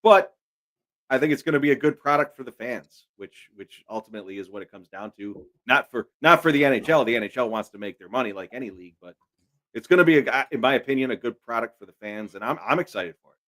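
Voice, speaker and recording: A man of middle pitch co-hosts a casual sports chat. He lays out his opinion in a steady, matter-of-fact way. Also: quick pace. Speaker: sports show co-host.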